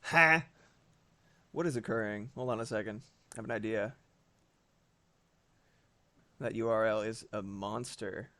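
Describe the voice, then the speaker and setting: This fairly low-pitched man is drawing during a live stream and chatting casually. His delivery is animated, full of free swearing and brief asides.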